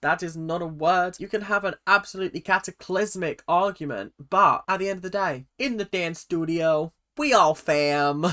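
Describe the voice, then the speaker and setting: This woman is hosting a reaction video and rants at the screen, swinging between fuming complaints and muttered asides. Her delivery is animated and exasperated throughout. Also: lowish voice, normal speed, few pauses. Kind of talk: ranting reaction commentary.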